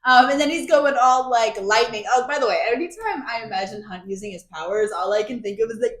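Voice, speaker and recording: High-pitched woman recapping a book on a podcast, super animated, lots of laughing, echoey room. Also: fast talker. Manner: animated, laughing, acts out quotes. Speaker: podcast co-host. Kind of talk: casual book recap chat.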